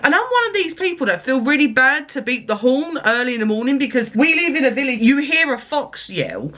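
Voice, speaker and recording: A woman's voice: high-pitched, sing-song, a little fast, bright, forceful tone. A woman telling a rambling story to her vlog audience, chatty, laughing and swearing along the way. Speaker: vlogger.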